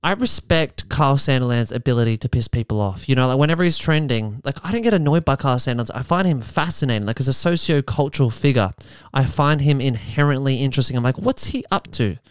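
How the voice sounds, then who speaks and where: Sarcastic comedian, smooth voice. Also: male voice, medium pitch, fast talker, no room sound, clean studio sound. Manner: riffing, sarcastic, jumps into mock voices. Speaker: comedian podcast host. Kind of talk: comedic commentary on a news article.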